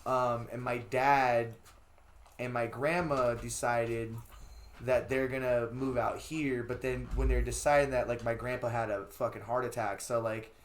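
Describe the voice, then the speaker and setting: A young man from Los Angeles, a beatmaker guest in a casual interview, talking in a profane, rambling way that turns loud when he gets excited. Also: mid-range voice, unhurried, slight background noise. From Los Angeles, USA.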